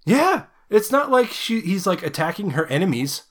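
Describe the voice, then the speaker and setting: A man's voice: sits high, big pitch swings, normal speed, fairly bright tone. A man co-hosting a podcast, recapping a horror movie in casual chat with a rambling, laughing manner full of crude jokes. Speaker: podcast co-host.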